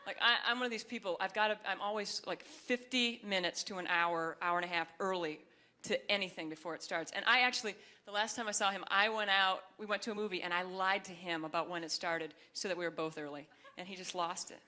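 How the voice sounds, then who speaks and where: Bright-voiced wry female stand-up. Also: fairly even intonation, brisk. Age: young adult. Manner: wry, chatty, acts out voices in high shrill bursts. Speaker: stand-up comedian. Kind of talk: stand-up comedy routine. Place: comedy stage before a live audience. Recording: live club set with audience laughter.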